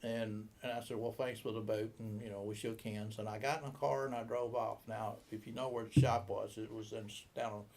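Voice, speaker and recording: A man's voice: on the low side, flat delivery, fairly quick, gravelly, hardly any pauses, a little mellow. A man in his seventies who owns a boat shop, telling a long, rambling story in an interview and acting out the dialogue. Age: 70s. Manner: rambling anecdotal, acts out quoted dialogue.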